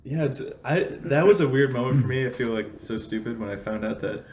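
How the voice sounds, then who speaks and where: A man's voice: medium pitch, brisk, a little mellow. A man chatting casually on a podcast, rambling through stories packed with fillers and breaking into laughter. His voice sits in a middle register. The room around him rings with echo, and a faint hiss sits underneath. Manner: rambling storyteller with constant "like" fillers, laughs often. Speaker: podcast host. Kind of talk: casual chat. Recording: roomy echo, faint background noise.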